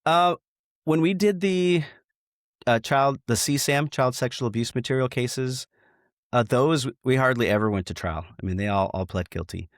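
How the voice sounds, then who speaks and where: A man's voice: medium pitch, normal speed, dry recording, studio quality. A middle-aged man, a retired state trooper, telling stories from his cases in a frank way, often restarting his sentences. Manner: frank, many restarts, quotes dialogue. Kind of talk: storytelling in a podcast interview.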